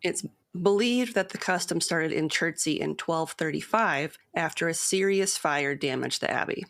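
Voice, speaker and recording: A woman co-hosting a podcast, reading a long poem and source quotes aloud in a measured storytelling cadence, then chatting casually. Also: deep voice, gravelly, fairly bright tone. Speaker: podcast co-host.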